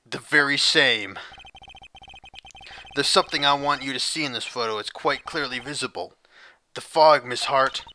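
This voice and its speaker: A man's voice: mid-range voice, moderate pace, long pauses, bright, forceful tone, a little hiss or hum. A man playing an earnest young defense lawyer. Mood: assertive. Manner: assertive, declaiming.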